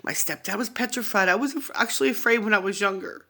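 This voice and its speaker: Gravelly, bright-voiced woman telling her story. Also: medium pitch. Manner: halting, rambling, often digressing. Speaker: vlogger sharing a personal testimony. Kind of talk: personal storytelling monologue. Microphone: phone.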